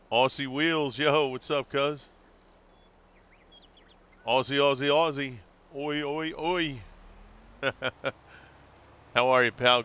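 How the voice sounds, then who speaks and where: A man's voice: mid-range voice, sharp tone, smooth. A man streaming live, chatting casually and rambling, calling his viewers bro. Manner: laid-back, rambling, calls viewers bro.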